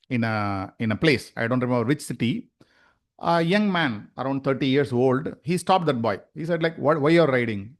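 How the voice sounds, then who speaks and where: Indian-accented man giving a yoga lesson. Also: a little high. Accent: Tamil-influenced Indian English. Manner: explains with rhetorical questions and anecdotes. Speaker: yoga teacher. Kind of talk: lecture to a class.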